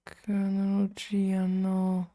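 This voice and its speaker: A woman's voice: medium pitch, monotone, very slow, warm tone, no room sound. A woman streaming live, muttering to herself while she works at the computer and chatting with her viewers. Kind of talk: casual live-stream chat while coding.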